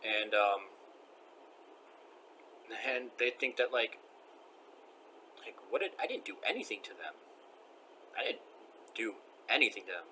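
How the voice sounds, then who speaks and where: A man's voice: lowish voice, very animated, measured pace, pauses often, bright, forceful tone, a little hiss or hum. An upset man venting in a personal vlog rant, agitated, rambling and repeating himself.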